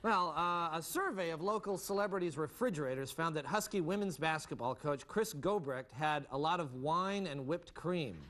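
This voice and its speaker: A man reading joke news items as a deadpan comedy anchor before a studio audience. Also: on the high side, normal speed, few pauses. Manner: dry, deadpan joke delivery. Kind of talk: deadpan mock newscast. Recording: live studio audience, loud laughter and noise.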